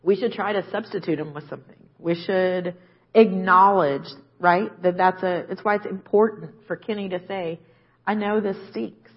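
A woman's voice: fairly low pitch, moderate pace, highs cut off. A woman preaching a conversational sermon, often checking in with "right?". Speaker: guest preacher.

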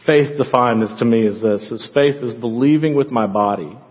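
A man preaching a sermon as a pastor, conversational at first and then building to loud, passionate emphasis. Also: mid-range voice, normal speed. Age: adult parent. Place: church sanctuary. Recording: dull sound with long hall reverb.

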